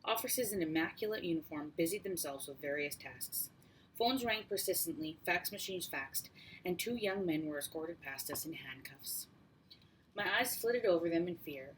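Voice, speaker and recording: A woman narrating a first-person audiobook in a steady, measured way. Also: low-pitched, slight background noise, rough recording. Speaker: audiobook reader.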